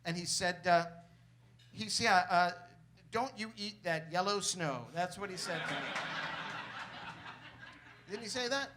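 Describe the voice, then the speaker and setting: A man's voice: high-pitched, unhurried, pauses often, heavy background noise. A man performing an improvised comic song on a cabaret stage, playful and belting. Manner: playful, belting sung lines. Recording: loud live band behind. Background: live band.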